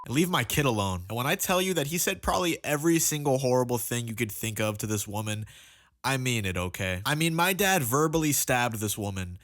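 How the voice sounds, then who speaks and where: A young man narrating a comedic storytime, animated and exaggerating for laughs. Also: medium pitch, a little fast. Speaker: storytime youtuber.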